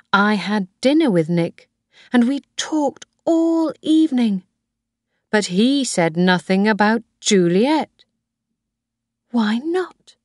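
A woman narrating a graded reader story in a slow, clear, careful way. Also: medium pitch, dry recording, studio quality. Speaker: audiobook narrator.

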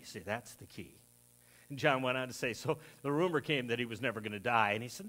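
Talking fairly quickly in a slightly bright voice, a pastor tells stories during a sermon in a church sanctuary, lifting his pitch to act out the voices of those he quotes.

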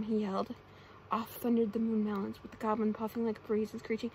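Brief: young woman, whispered role-play storyteller, soft hushed reading, a touch high, faint hiss behind. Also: level tone, fairly quick, rough recording. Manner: soft, often whispered reading with playful character voices. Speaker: ASMR storyteller.

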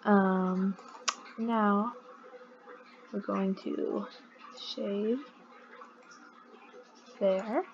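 A woman drawls through a game at an unhurried pace, laughing at her own mistakes and bantering with the characters on screen. Her voice comes through slightly muffled, with a faint hiss underneath. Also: medium pitch, fairly even intonation. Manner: giggly, chatty, talks to the game characters. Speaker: let's play gamer. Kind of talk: casual gameplay commentary.

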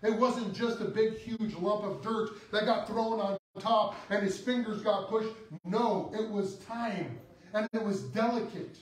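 Man, priest, sermon, high voice, slow dramatic delivery, heavy church echo, distant mic. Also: steady tone. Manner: slow, dramatic preaching with sudden rises and drops. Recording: echoey church, voice from far off.

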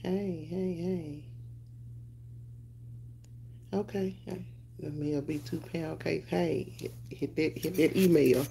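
Brief: laid-back woman streamer on a phone, low, gravelly and dark voice, chatty. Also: steady tone, slow, pauses often, slight background noise. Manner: loose, chatty, greets viewers by name, swears casually. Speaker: live stream host. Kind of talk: casual live stream chat.

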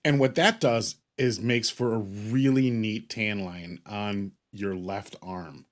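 A man's voice: on the low side, takes it slowly. A middle-aged man telling a rambling, joking story in a casual chat, swearing freely. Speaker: co-host.

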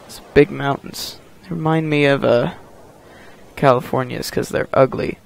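A man's voice: medium pitch, steady tone, measured pace, vocal fry, smooth. A man giving casual gameplay commentary, muttering and joking to himself as he plays. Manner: mutters and jokes to himself while playing. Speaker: gameplay host.

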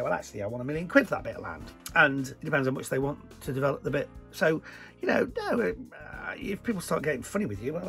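A middle-aged man from northern England chatting casually as he answers viewer questions, lively and joking between answers. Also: on the high side, creaky. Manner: chatty, animated, jokey asides. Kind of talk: casual Q&A chat.

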